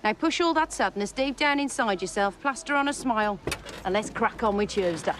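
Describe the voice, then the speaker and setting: A man putting on a chirpy high mock-cheerful voice. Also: animated, brisk, a bit bright, a little hiss or hum.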